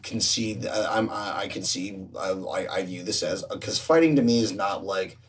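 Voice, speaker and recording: A man, a podcast guest, talking casually and profanely, with halting restarts as he tells stories. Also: sits low. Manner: storytelling, acts out both sides of bar talk. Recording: distant mic with faint noise.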